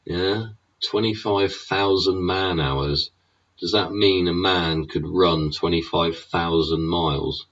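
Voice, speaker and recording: Angry husky deep-voiced Englishman ranting. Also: steady tone, takes it slowly, fairly bright tone, distant mic. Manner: angry, sweary, sneering, repeats "yeah?" and "innit?". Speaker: vlogger. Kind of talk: profane political rant. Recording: dull sound, away from the mic.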